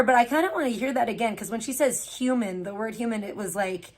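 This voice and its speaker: A woman with a slightly high-pitched voice chats loosely on her live stream. She rambles and laughs often as she talks to her viewers and answers their comments. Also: fast. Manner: rambling, chatty, frequent laughs; reads and answers chat. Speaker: livestream host. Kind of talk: casual live-stream chat.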